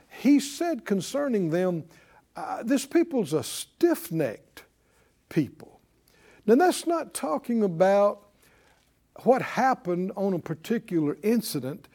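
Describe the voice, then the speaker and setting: A man's voice: high voice, warm tone. A man preaching a sermon, leading call-and-response and firing off emphatic rhetorical questions. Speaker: pastor.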